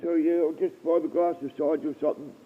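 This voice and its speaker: A man rambling and halting through a casual livestream chat from a dark shed, often repeating himself and swearing. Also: on the high side, fairly even intonation. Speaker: live streamer. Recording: tinny phone-like stream audio.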